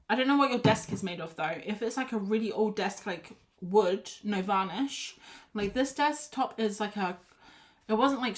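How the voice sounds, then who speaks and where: A woman chatting casually to her viewers while painting at her home art desk, rambling and restarting her sentences often. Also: medium pitch. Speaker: art livestreamer.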